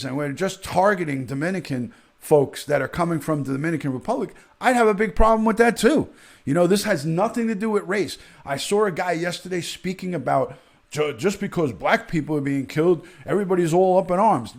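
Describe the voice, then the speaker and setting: A man's voice: on the high side, vocal fry, darkish tone. A middle-aged man hosting a live stream, ranting with outrage, emphatic, often repeating himself and restarting sentences. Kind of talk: heated live-stream rant.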